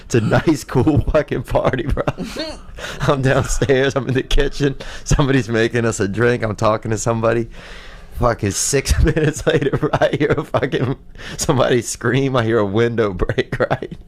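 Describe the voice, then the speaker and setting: A man's voice: medium pitch, normal speed. A man in his thirties hosting a podcast, telling long rambling stories in slangy casual chat full of "bro" and "dude". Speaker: podcast host. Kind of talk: casual storytelling.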